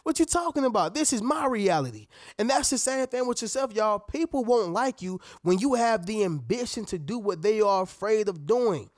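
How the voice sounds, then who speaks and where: Preachy man with a high, dry voice. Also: moderate pace, hardly any pauses, no room sound. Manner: animated, preachy, calls out to his audience. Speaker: motivational speaker. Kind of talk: preachy motivational talk.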